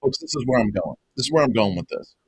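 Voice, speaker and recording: A man who runs a web design business, giving an excited, emphatic pitch to viewers and calling them folks over and over. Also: fast talker, husky, no room sound, low-quality recording. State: excited, half-yelling. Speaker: web design agency owner and coach. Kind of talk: energetic direct-to-camera pitch.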